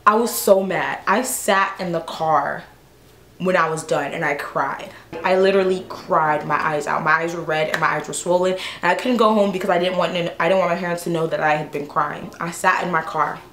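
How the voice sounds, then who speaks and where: A woman in her twenties telling a storytime vlog, animated, exasperated and slangy, in an echoey room. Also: lowish voice, moderate pace, slight background noise. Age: 20s. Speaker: vlogger.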